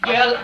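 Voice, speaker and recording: Man doing high, swooping drag lady host, mock-genteel and catty, distant on a fuzzy old VHS tape with heavy hiss. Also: lo-fi sound, heavily acted. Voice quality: campy, mock-refined delivery. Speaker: comic host before a live audience. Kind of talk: live stand-up comedy. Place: large theatre stage with live audience. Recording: fuzzy 1980s VHS air check, roomy and distant.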